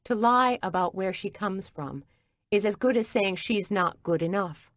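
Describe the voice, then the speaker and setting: A woman narrating a first-person mystery audiobook in an even, measured way. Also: medium pitch, no room sound, studio quality.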